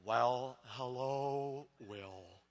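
A man voicing a gloomy, mopey donkey who drones slowly in a deep voice. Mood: glum. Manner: slow, droning, sighing. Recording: long reverb of a large hall.

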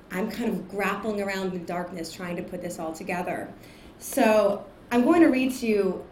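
A woman author reads from her memoir in a lecture hall. Her pitch sits in a middle range. Between passages she talks hesitantly, with fillers and restarts, and the room gives her voice a roomy echo. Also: darkish tone, a little hiss or hum. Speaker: author speaking at grand rounds. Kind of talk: reading aloud from her memoir with talk between.

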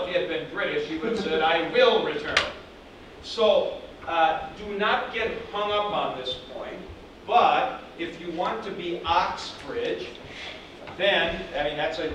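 A man teaching a class, talking in a conversational, digressive way and repeating points for emphasis. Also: a little high. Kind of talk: classroom lecture. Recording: echoey classroom, speaker far from mic, background noise.

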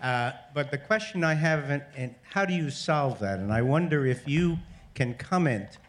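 A man's voice: fairly high pitch, animated, moderate pace. Male audience questioner: formal, hesitant, long-winded lawyer type.

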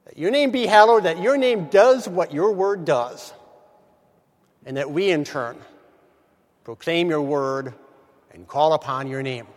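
A man giving a morning devotional reflection, measured and emphatic, slowly stretching key words. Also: on the high side, in a large hall.

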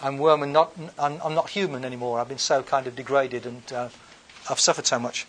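A man's voice: mid-range voice, steady tone, a little fast, fairly bright tone, slight background noise. A man giving an unscripted lecture on scripture, reading verses aloud and then explaining them in a conversational way, with frequent ums, uhs and restarts. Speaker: bible lecturer.

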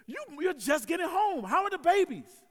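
A woman's voice: very high-pitched, very animated, normal speed, voice pushed up. A man putting on the voice of a nosy, doting older woman neighbor who talks sweetly and calls everyone baby, heard in an echoey hall. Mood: chatty.

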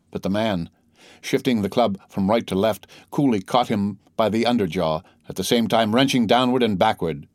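Man narrating an audiobook, low voice. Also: dry recording, studio quality. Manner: measured, dramatic storytelling.

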